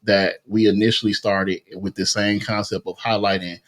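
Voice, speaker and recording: A man being interviewed as an activist guest, speaking modestly with halting restarts. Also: lowish voice, little pitch movement, fairly bright tone. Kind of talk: casual interview chat.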